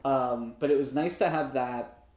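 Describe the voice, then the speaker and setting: A man's voice: medium pitch, a little slow, darkish tone, reverberant. A man co-hosting a podcast, recapping a film in casual chat with wry, profane asides.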